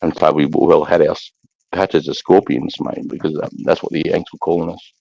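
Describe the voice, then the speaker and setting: Brief: Australian ex-soldier, very low and gravelly, blunt and profane, dry muffled recording. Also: male voice, level tone, moderate pace, a little mellow, no room sound. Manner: blunt, profane, keeps saying mate. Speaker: army veteran guest. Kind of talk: casual war storytelling.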